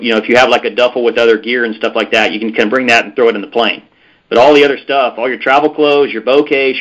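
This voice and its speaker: A man's voice: medium pitch, a bit bright, muffled recording. A man guest on a podcast, telling a story in a rambling way with lots of fillers and restarts. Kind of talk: casual storytelling interview.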